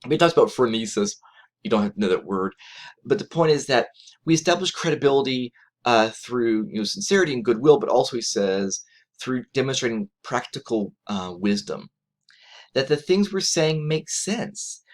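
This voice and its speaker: A man giving a recorded college lecture in a conversational way, often checking in with "right?" and restarting phrases, with lively jumps in pitch when he quotes someone. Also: moderate pace. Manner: conversational, frequent "right?" tag questions and restarts; animated pitch jumps when quoting others.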